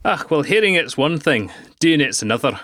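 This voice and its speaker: A man's voice: a little high, sing-song, a little fast, fairly bright tone, dry recording. A man co-hosting a podcast, trading teasing jokes in casual banter. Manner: teasing, dry jokey. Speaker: podcast co-host.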